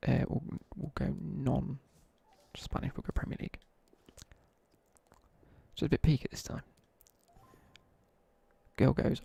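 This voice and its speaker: Gaming on stream, a young man rambles through a story with asides in casual chat. His gravelly, husky voice is mid-range, level and mellow, and he talks slowly, pausing often.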